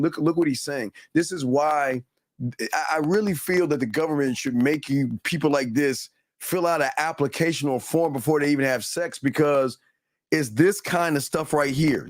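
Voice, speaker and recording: A man's voice: medium pitch, no echo, clean studio sound. A man hosting a show, giving heated, blunt and profane commentary in a ranting, repetitive way. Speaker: host.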